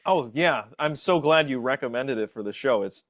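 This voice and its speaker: A man's voice: medium pitch, expressive, moderate pace, crowd noise. A man co-hosting a podcast, chatting about a movie with lots of laughter and enthusiasm. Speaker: podcast co-host. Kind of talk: casual movie chat.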